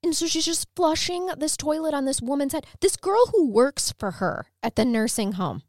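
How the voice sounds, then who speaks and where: A woman's voice: high voice, expressive, moderate pace, darkish tone, no room sound, clean studio sound. A woman hosting a podcast, casually retelling a true crime case with wry asides. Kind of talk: casual storytelling chat.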